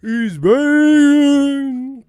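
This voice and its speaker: A man doing an impression of a boxer who wails in a high, trembling, ghostly voice. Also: very slow, a little mellow, dry recording, clean studio sound, exaggerated voice. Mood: wailing shriek. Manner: high-pitched trembling screams. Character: shrieking wailing boxer mimicking a ghoulish manager, adult man.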